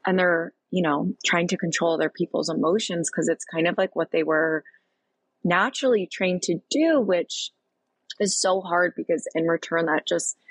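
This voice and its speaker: A woman's voice: fairly low pitch, normal speed, breathy edge, no room sound, low-quality recording. A woman guest coach in a casual podcast conversation, earnest and affirming, with many filler likes.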